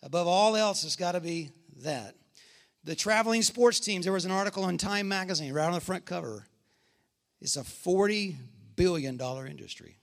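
A man's voice: sits high, lively intonation, normal speed, vocal fry. A middle-aged man, a pastor, preaching a sermon and telling stories with emphatic repetition.

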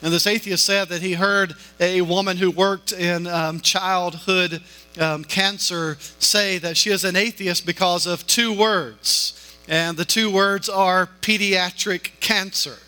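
A man's voice: high-pitched, fairly even intonation, takes it slowly, pushed and bright, faint music behind, poor audio. A man preaching a sermon in a conversational way, with many fillers and restarts. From northern Alabama.

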